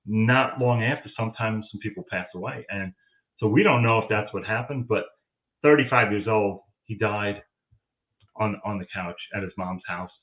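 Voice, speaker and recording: A man's voice: fairly low pitch, normal speed. A man telling a story in a casual chat, acting out the lines of the people he quotes. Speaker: guest, paranormal audio investigator. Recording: tinny phone-like line.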